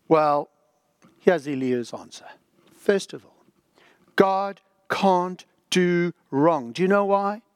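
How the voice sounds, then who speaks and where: A man preaching a sermon with emphatic repetition, swinging between loud peaks and hushed asides. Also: high-pitched, no room sound, clean studio sound.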